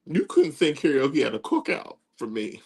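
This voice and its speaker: A man co-hosting a casual comedic chat, animated and exasperated. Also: fairly high pitch, moderate pace, vocal fry, breathy edge.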